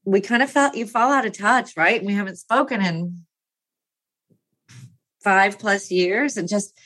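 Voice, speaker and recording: A woman's voice: medium pitch, unhurried, fairly bright tone, no echo. A woman in her fifties talking through a personal topic in a candid monologue. She rambles, laughs often and trails off to restart her thoughts.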